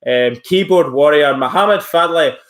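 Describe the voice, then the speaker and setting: A man's voice: on the high side, measured pace. A man live-streaming from home, rambling casually as he reacts to chat messages and mocks a troll. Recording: roomy echo.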